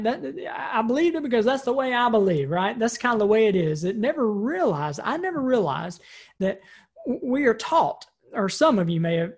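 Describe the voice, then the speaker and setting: Chatty woman trainer asking "right?". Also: mid-range voice. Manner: conversational, frequent "right?" tag questions; repeats and restarts words while thinking. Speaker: personal development trainer. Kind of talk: recorded training talk.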